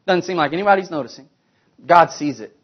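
A man preaching a sermon, asking rhetorical questions and swinging between emphatic, louder passages and hushed, quiet ones. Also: on the high side, fast, dull audio.

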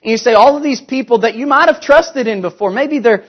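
A man preaching a sermon, asking rhetorical questions and swinging between emphatic, louder passages and hushed, quiet ones. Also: very high-pitched, fairly quick, husky, muffled recording.

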